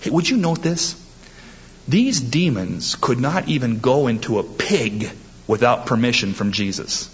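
A man's voice: medium pitch, sing-song, measured pace, pauses often, highs cut off, slight background noise. A man preaching a sermon, emphatic and quoting scripture with rising force. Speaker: pastor.

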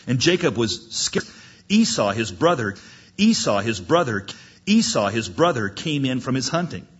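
A man preaching, reading scripture aloud and acting out the voices with sudden high cries and low murmurs. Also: fairly bright tone, husky, lo-fi sound. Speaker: pastor. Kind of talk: sermon, reading and expounding scripture.

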